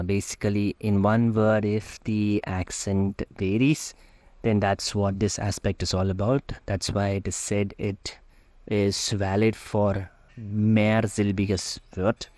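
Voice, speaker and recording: A man gives a slide lecture on German phonetics at an unhurried, deliberate pace, his voice sitting fairly low. He hesitates often and fills gaps with "uh". The recording is dry and close, with no room sound. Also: a little mellow, no echo. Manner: slow, hesitant, many "uh" fillers. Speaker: German language teacher.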